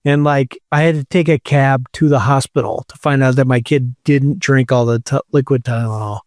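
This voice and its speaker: A man's voice: medium pitch, steady tone, normal speed, no echo, studio quality. A middle-aged man casually telling a long personal story, rambling and swearing with lots of "like". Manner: rambling, swearing, many likes. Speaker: podcast host.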